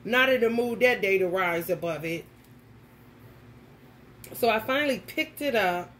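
A woman tarot reader telling a story in a casual vlog, animated and profane, often laughing. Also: mid-range voice, measured pace, a little hiss or hum.

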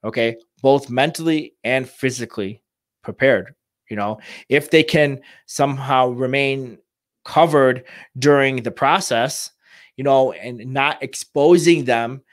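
Man, home care advisor, informal advice talk, halting, lots of restarts and fillers. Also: mid-range voice, no echo, clean studio sound. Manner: halting, many restarts and "you know" fillers.

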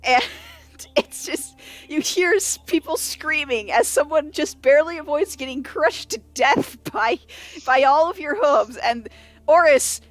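High-voiced woman, laughing game master. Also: measured pace, faint music behind. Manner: laughs often while narrating, animated with many restarts. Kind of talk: narrating a tabletop game.

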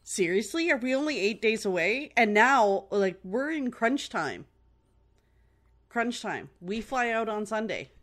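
A woman's voice: on the high side, sing-song, a little slow. Chatty, laughing woman podcast co-host. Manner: chatty, self-mocking, laughs easily. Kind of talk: casual chat.

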